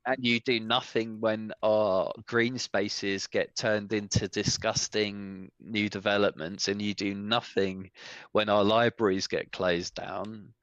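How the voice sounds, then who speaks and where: A man's voice: fairly low pitch, level tone, takes it slowly, fairly bright tone, no echo. A man on a podcast, ranting in exasperated casual chat with some swearing. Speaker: podcast co-host. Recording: dull lo-fi sound.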